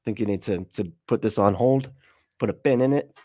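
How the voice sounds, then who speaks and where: A man's voice: fairly low pitch, normal speed, mellow, no echo, studio quality. Sarcastic man hosting a livestream. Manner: sarcastic, laughing, swearing, talks over clips. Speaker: livestream host reacting to clips. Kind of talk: casual livestream commentary.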